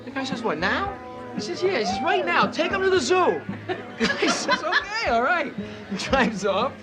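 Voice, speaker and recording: A man's voice: very high voice, big pitch swings, moderate pace. An actor playing a rowdy man who tells a joke in a bar, laughing and acting out both characters. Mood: boisterous. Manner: loud, laughing, acts out both sides of the joke. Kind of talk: film dialogue. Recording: loud bar with music and crowd.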